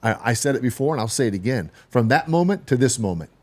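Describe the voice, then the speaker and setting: A man's voice: mid-range voice, expressive, quick pace, a little mellow. A man speaking as a podcast guest in a reflective, earnest way, asking questions in long strung-out sentences. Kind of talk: conversational interview.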